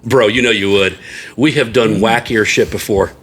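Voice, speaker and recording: A man's voice: on the low side, moderate pace, a bit bright, a little hiss or hum. A man hosting a casual chat over drinks, joking and swearing, laughing often. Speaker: podcast host.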